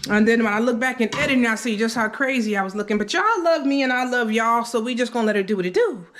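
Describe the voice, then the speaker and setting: A woman's voice: a little high, fast. A woman vlogging in her home kitchen, filming on a handheld phone as she cooks and chats to viewers. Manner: chatty, animated, talks straight to viewers. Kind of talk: casual vlog storytelling while cooking. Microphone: handheld phone camera.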